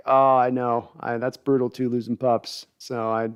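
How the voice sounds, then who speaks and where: A man's voice: mid-range voice, normal speed, smooth. A man hosting a sports podcast livestream, chatty and self-deprecating as he reads viewer comments. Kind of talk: casual livestream chat, reading comments.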